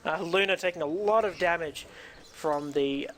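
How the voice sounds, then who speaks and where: A man co-commentating an online game, with excited reactions and frequent hesitations. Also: fairly high pitch, moderate pace, a loud crowd, poor audio. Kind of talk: esports commentary.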